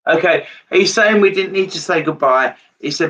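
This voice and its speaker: A man's voice: fairly high pitch, moderate pace, hardly any pauses, a bit bright, far from the mic, low-quality recording. A man giving a live psychic reading, earnest and repetitive in his phrasing. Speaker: medium.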